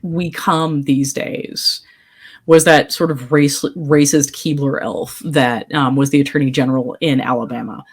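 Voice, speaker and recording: Podcast co-host, woman, deep voice, opinionated, rapid bursts. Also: steady tone, breathy edge. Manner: emphatic, opinionated, fast bursts with restarts. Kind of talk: casual chat.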